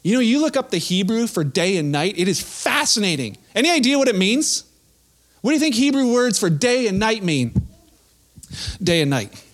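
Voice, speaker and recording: A man's voice: sits high, big pitch swings, moderate pace. A young man preaching a sermon in a casual, conversational way, with playful acted-out asides. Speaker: pastor.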